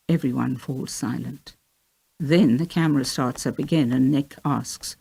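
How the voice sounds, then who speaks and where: A middle-aged woman narrating her own memoir as an audiobook, in a quiet, measured way. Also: very deep voice, vocal fry, husky. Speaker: author and narrator.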